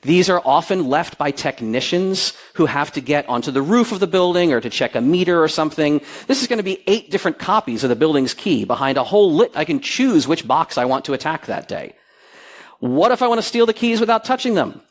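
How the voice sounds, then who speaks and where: A middle-aged man speaking on stage to a conference audience, his voice sitting a touch high and swinging widely up and down. He tells stories with relish and acts out the quoted voices in them. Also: brisk. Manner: animated storyteller, acts out quoted dialogue. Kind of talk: lively conference talk.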